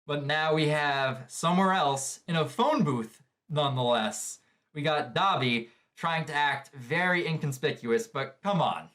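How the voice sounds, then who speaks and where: A man giving casual anime reaction commentary, excitable, often chuckling and thinking aloud with questions. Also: on the high side, unhurried.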